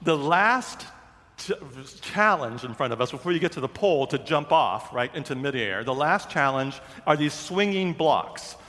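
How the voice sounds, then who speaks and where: A man preaching, telling a self-mocking story with animated, acted-out quotes. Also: on the high side, moderate pace, big-room sound. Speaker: pastor. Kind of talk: sermon storytelling.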